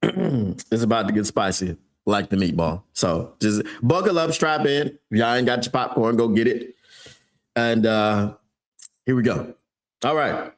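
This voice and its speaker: A man hosting a fan sports podcast, casually commenting and reading a news story aloud in an excitable, slangy, joking way. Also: mid-range voice, a little slow.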